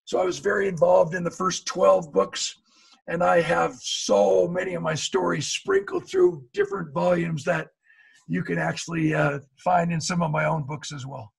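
Older american guy telling stories, husky gravelly voice, fairly high. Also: moderate pace. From USA. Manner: dramatic, animated storyteller. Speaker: motivational speaker. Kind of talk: storytelling lecture on a video call.

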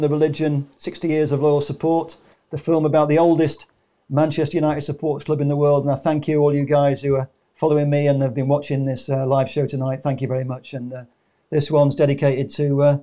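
A man's voice: a little high, warm tone. A man hosting a live online show, speaking hesitantly with many fillers. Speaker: host.

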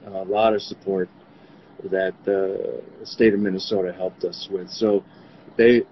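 A man from New York speaking haltingly in an interview about grief, his voice often trailing off quietly. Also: flat delivery, highs cut off, slight background noise. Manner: halting, grief-stricken, voice drops low. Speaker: interviewee, bereaved father. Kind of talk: remote interview.

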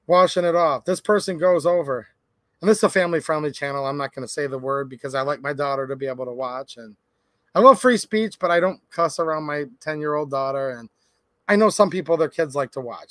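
A man's voice: fairly high pitch, a little fast, a bit bright, dry recording. Casual man rambling on a livestream. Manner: rambling storytelling with many fillers. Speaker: livestream host.

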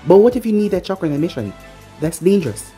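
A storyteller voicing a busy, short-tempered young female ninja medic who talks in a brisk, scolding way, over faint background music. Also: mid-range voice, sing-song, mellow, natural voice. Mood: concerned.

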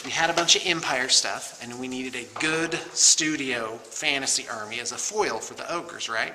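His medium-pitched voice sounds pushed and bright, moving at a moderate pace with hardly any pauses. A middle-aged man who runs a painting studio, he jokes about himself and rambles casually as he opens boxes of miniatures in a noisy room.

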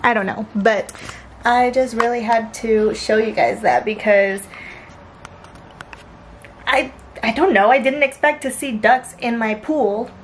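A woman's voice: on the high side, measured pace, pauses often, slight background noise, poor audio. A young woman chatting casually and animatedly in a home vlog, swearing now and then. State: out of breath after a workout. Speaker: vlogger.

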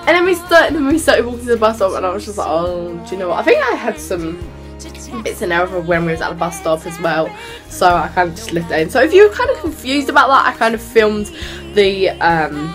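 A woman's voice: medium pitch, sing-song, a little fast, music in the background. Rambling teen girl. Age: teens. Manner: rambling, jumps from subject to subject; calls people sweetheart and darling. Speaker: vlogger. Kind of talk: casual chatty vlog.

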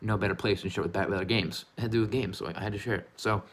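A man's voice: fairly low pitch, fairly even intonation, very fast, a bit bright. A man hosting a casual gaming vlog from his room, talking in a goofy, rambling, playfully affectionate way. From United States. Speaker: gaming YouTuber.

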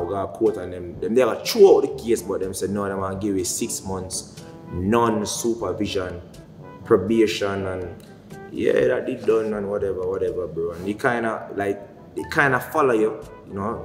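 A young man with a Jamaican accent talks in a lowish voice, spinning a story in lively, slang-heavy patois. The sound is roomy and echoing, with a long reverb tail and faint music behind him. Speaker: vlogger. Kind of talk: casual storytelling. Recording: echoey room, faint music.

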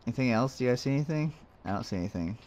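A man's voice: mid-range voice, lively intonation, very fast, a little mellow. A man casually commenting as he plays a game, rambling and muttering to himself with jokes along the way. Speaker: let's play host.

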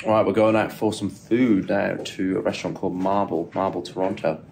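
A young man vlogging on a trip, excitable and swearing casually, filmed on a handheld camera. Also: sits low, a little fast, vocal fry, over loud music. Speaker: travel vlogger. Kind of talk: casual vlog chat. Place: out and about on a city trip. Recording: noisy ambient background.

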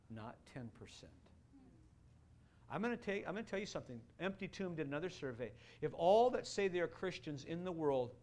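A man preaching a sermon as a pastor, animated and playful, with bursts of loud excitement. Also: fairly high pitch. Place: church sanctuary.

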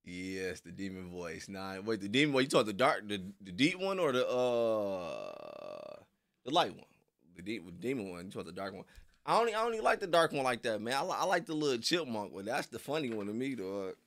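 A man hosting a live stream, talking in a laid-back, slangy way as he reads viewers' messages aloud. His voice sits fairly low but swings widely in pitch, rising and falling freely. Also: big pitch swings, moderate pace, a bit bright. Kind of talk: casual live-stream chat.

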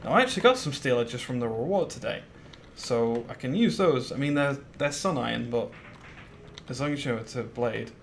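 A man's voice: mid-range voice, animated, a little fast, a little hiss or hum. Chatty man streaming a game. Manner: chatty, rambling, reads chat aloud, frequent fillers. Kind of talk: casual live-stream commentary.

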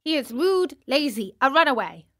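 A woman's voice: high voice, big pitch swings, normal speed, fairly bright tone, voice pushed up. A woman doing a stern, scolding cricket. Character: stern, wise talking cricket.

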